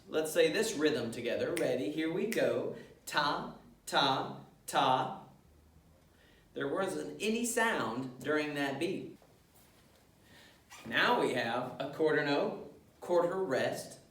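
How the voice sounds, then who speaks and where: A man's voice: on the high side, distant mic. Man teaching rhythm in an echoey room. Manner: patient, step-by-step, speaking the rhythm syllables in time. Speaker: music teacher. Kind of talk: elementary music lesson.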